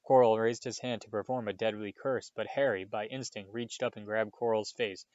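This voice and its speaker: A low-voiced man reads a storybook chapter aloud, expressive and now and then tripping over a word. The recording is dull and dry, with no room sound. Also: normal speed, no echo. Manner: expressive reading with occasional slips. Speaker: reader.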